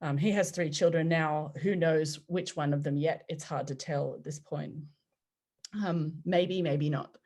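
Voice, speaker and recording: A woman in her forties, a podcast guest telling personal stories in an animated way, often laughing and acting out what people said. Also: sits low, unhurried. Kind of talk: conversational storytelling.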